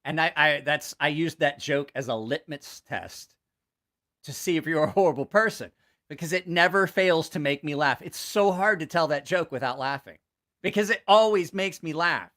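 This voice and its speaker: A man's voice: fairly high pitch, moderate pace. A man hosting his channel, telling crude jokes in casual livestream style, swearing freely and laughing at his own punchlines. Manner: animated joke telling. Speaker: channel host.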